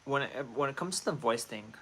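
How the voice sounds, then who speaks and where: Bright-voiced, chatty livestream host. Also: male voice, mid-range voice, animated, fairly quick, breathy edge. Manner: chatty, playful, talks to chat directly. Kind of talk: casual livestream chat.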